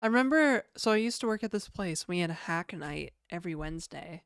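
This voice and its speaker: Woman streamer rambling to chat while she codes, lowish smooth voice, dry close mic. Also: animated, brisk, no echo. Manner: rambling, chatty, swears casually, reacts to chat. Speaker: game dev streamer. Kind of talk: casual livestream chat.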